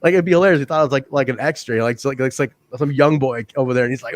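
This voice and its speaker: A man's voice: mid-range voice, fast, hardly any pauses, dry recording. Profane storytelling man on a podcast. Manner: profane storyteller, acts out quotes. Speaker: podcast co-host. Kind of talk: casual chat.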